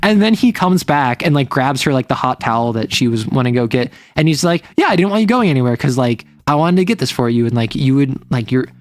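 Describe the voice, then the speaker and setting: A woman's voice: very deep voice, lively intonation, a little fast, hardly any pauses, a little mellow, dry recording, studio quality. A woman streamer chatting casually about romance stories, rambling with lots of fillers and briefly acting out quoted lines.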